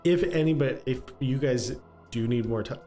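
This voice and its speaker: A man chatting casually as game master about his tabletop campaign, pausing often and filling gaps with "um" and "like". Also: medium pitch, mellow, faint music behind. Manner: hesitant, full of "um" and "like".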